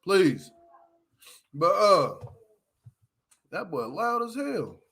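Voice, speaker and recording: A man's voice: high-pitched, very animated, very slow, fairly bright tone, husky. A man hosting a casual livestream, reviewing a reality show, laughing often as he retells scenes with lots of slang.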